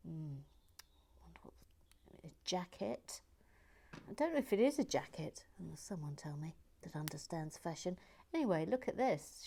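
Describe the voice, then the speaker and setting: A woman hosting a relaxing build video, chatting softly through viewer comments, often dropping to a near whisper, with playful, gently silly asides. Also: on the low side. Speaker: host of a relaxing build channel.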